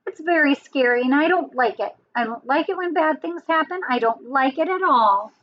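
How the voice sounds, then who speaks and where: A woman's voice: high voice, expressive, normal speed, muffled recording. A woman voicing a scared small turtle with a tummy ache, talking in a whiny, pleading way. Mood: upset.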